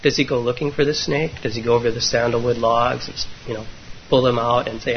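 Guy doing a dharma talk, soft and hesitant, average pitch, muffled recording with a bit of hiss. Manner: gentle, unhurried, with frequent hesitations. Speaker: meditation teacher. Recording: dull lo-fi recording with faint noise.

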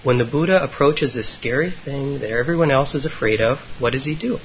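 Meditation teacher, male, mid-pitched, gentle and halting dharma talk, muffled lo-fi recording with faint hiss. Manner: gentle, unhurried, with frequent hesitations. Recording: dull lo-fi recording with faint noise.

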